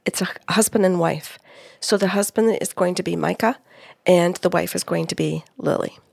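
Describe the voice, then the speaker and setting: A middle-aged woman recounts a session in an animated storytelling way, acting out the people she quotes. Her voice has a gravelly edge. It sits close and dry on the mic. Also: lowish voice, moderate pace, dry recording. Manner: animated, quotes spirits and clients, laughs often. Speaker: psychic medium, co-host. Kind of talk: storytelling about a reading.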